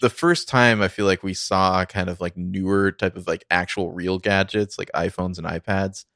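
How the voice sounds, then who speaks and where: A man co-hosting a casual film discussion podcast, rambling in a relaxed way with many fillers. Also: low voice, normal speed, dry recording, clean studio sound. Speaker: podcast co-host.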